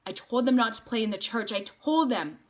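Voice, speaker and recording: A woman's voice: fairly high pitch, animated, fairly quick, pitched above the performer's own voice, lightly acted. A woman reading aloud and voicing a worried woman searching for missing children. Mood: anxious. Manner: anxious, insistent. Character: worried mother looking for children.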